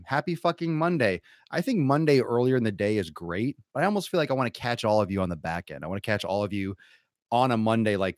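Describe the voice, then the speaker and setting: A man hosting a live fitness podcast, loud, crude and hyped like a showman. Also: on the low side, dry recording, clean studio sound. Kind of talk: live-streamed casual podcast.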